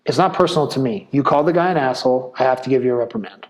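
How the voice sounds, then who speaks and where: A retired police officer speaking in a casual interview, blunt and animated, full of "like" and "man". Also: medium pitch, racing, low-quality recording.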